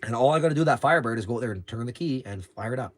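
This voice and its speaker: A brash man in his forties rattles off a profane, rambling story at a quick clip, his voice sitting at an everyday middle pitch. He jumps into asides and back again, talking casually as host of his own livestream. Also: expressive. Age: 40s.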